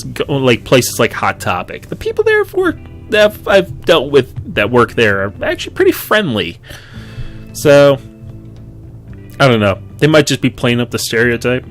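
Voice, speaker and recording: A man's voice: medium pitch, wildly swooping pitch, normal speed, a bit bright, faint music behind. A man chatting wryly while reading through a dating game, with frequent asides. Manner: chatty, wry asides, laughs often. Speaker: gaming YouTuber. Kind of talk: let's-play commentary and reading.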